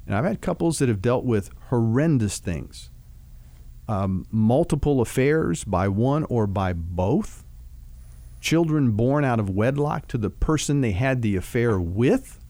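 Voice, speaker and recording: A man in a counseling role tells a down-to-earth story to illustrate his advice, relaxed and folksy. His voice sits in the middle range. The sound is close and dry, with no room echo. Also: mid-range voice, a little slow. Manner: folksy storytelling with vivid food analogies. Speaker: marriage counselor. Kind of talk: conversational teaching on a talk show.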